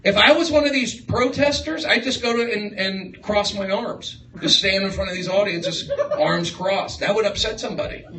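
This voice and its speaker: A man doing a rambling stand-up set, riffing excitably on the crowd in a small comedy room. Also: on the high side. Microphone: far live-stream phone mic. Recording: echoey, distant livestream with room noise.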